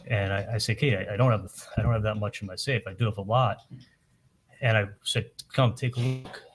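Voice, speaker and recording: Halting deep-voiced man testifying. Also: steady tone. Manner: halting, repeats words, retells dialogue with "I'm like". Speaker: trial witness testifying. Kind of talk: courtroom testimony.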